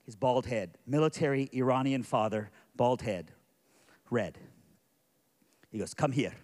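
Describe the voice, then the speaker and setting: Preaching at a measured pace, a middle-aged man with a mid-range voice relates a personal story. His sermon drops to hushed quiet at times and rises to loud intensity at others.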